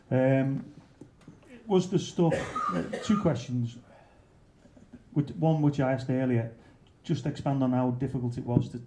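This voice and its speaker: A man's voice: medium pitch, warm tone, a little hiss or hum. A man hosting a book event Q&A, asking rambling, hesitant questions with fillers. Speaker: event host. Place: bookshop event room.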